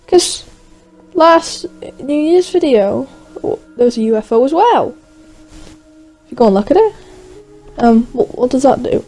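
High bouncy woman youtuber, excitable, narrating her minecraft roleplay. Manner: excitable, self-narrating, squeals and gasps. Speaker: gaming YouTuber. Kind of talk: Minecraft role-play narration.

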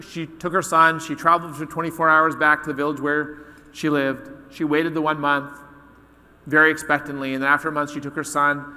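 A male conference speaker addresses a live audience with a bright, forceful voice that sits a little high. He tells his story with animation and acts out the quoted lines. His voice rings with the long reverb of a large hall. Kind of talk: keynote talk with storytelling.

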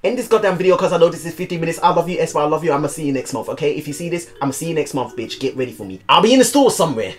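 A man hosting a music video reaction, loud and excitable, swearing and jumping into high squeals. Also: rapid-fire, few pauses. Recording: music playing behind.

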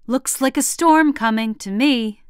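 A woman reading a picture book aloud, voicing a kind, patient old farm grandmother who coaxes in a calm, folksy way. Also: on the high side, a little slow, smooth, no echo, studio quality, voice pushed up, close to an everyday voice. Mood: coaxing.

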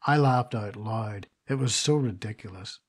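A man's voice: fairly low pitch, normal speed, husky. A man reading a vain, indignant stage actress. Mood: indignant gossip. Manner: gossipy, indignant confiding. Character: vain grand stage actress, middle-aged woman. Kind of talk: audiobook reading.

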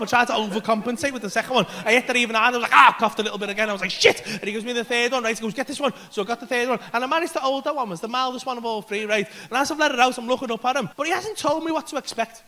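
On stage, an English comedian, a man with a strikingly high voice, spins an anecdote full of energy and profanity. He plays out both parts of the exchange.

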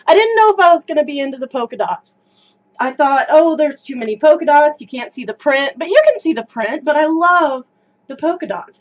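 A woman gushing and squealing as she unboxes a skirt in a home video vlog, breathless with excitement. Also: high-pitched, highs cut off.

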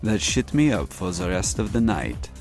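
A man telling a spooky childhood story in a put-on mock German accent, deadpan and crude. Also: on the low side, normal speed, creaky, over music.

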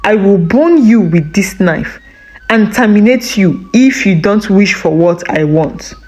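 A woman's voice: medium pitch, animated, measured pace, a little mellow, close to an everyday voice. A woman voicing a greedy, scheming village wife who scolds and threatens sharply. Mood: threatening.

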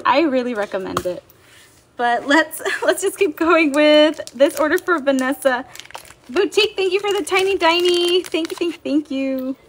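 A chatty young woman talks through a home livestream, her voice high and lively as she greets viewers. She sounds bubbly and easygoing. Soft clicking noises sit faintly behind her. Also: a little hiss or hum. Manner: bubbly, chatty, reads viewer comments aloud. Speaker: livestream seller. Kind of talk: casual livestream chat.

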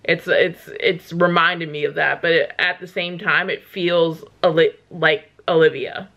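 A woman's voice: on the low side, fairly even intonation, measured pace, muffled recording. A woman hosting a casual music reaction video, gushing and exclaiming with lots of "like" and "um". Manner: gushing, exclamatory, chatty with many fillers. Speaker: reaction channel host.

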